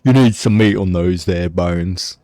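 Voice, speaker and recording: A man playing a tabletop role-playing game in a slow, easygoing drawl. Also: low-pitched, mellow, dry recording. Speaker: player. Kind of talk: casual tabletop role-play.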